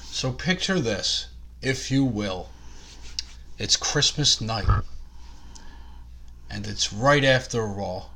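A man's voice: on the low side, slow pace, vocal fry, long pauses, sharp tone, a little hiss or hum. A man co-hosting a casual comedy podcast, telling rambling, crude stories. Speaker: podcast co-host.

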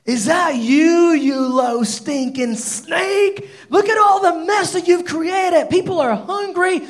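A man playing a proud, furious king who shouts at a fugitive he has hunted down. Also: very high-pitched, slow, pitched above the performer's own voice. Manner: shouting, incredulous.

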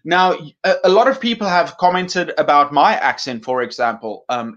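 A man's voice: on the high side, normal speed, fairly bright tone, lo-fi sound. A male teaching-channel host giving casual, thoughtful advice to teachers, with a mixed British and American accent and frequent fillers.

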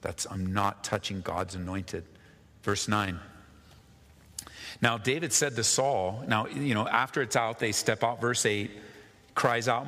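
A man's voice: fairly low pitch, a little slow, fairly bright tone, in a large hall. A male pastor preaching a sermon, reading scripture and rising to emphatic, impassioned peaks.

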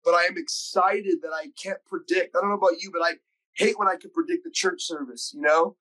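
High-voiced man telling an earnest story. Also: steady tone, bright, forceful tone, poor audio. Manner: earnest, emotional, quick bursts when recounting. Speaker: podcast host and school preacher. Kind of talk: personal storytelling in conversation.

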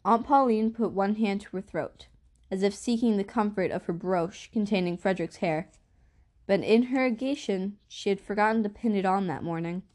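A woman reads a first-person novel aloud as an audiobook. Her delivery is even and measured. Her voice sits in a middling range for a woman. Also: mid-range voice. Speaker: audiobook narrator.

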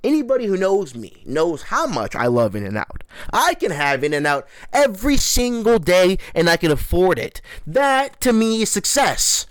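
A man's voice: high-pitched, very animated, normal speed, hardly any pauses, no echo. Tipsy, rambling guy in his twenties. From United States. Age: 20s. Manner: rambling, profane, self-mocking. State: a little drunk. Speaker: podcast host. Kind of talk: casual solo podcast monologue.

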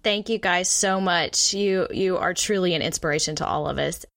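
A woman's voice: fairly low pitch, moderate pace, fairly bright tone. A woman co-hosting an education podcast, talking in an effusive, delighted way and heaping praise on her guests. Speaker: podcast co-host. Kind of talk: enthusiastic interview chat.

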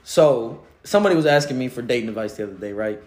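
A man co-hosting a casual chat, telling animated stories with acted-out quotes and frequent laughs. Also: medium pitch, quick pace. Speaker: podcast co-host. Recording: echoey room.

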